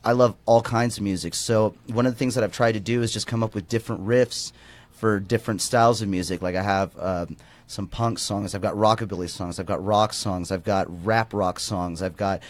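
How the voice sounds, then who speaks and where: A man's voice: fairly low pitch, steady tone, a little fast. A man guest and musician on an interview podcast, telling enthusiastic stories casually.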